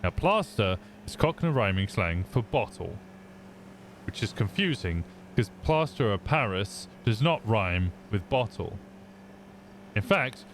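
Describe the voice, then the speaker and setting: A man's voice: medium pitch, fairly bright tone, slight background noise. A young British man streaming a roleplay game, chatting casually and explaining at length, swearing freely.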